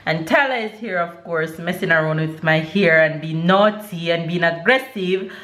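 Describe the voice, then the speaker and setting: A woman's voice: lowish voice, moderate pace, a bit bright. Chatty young woman vlogging at home. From Jamaica. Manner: chatty, laughs often, coos at her baby. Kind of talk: casual family vlog. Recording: roomy echo, faint background noise.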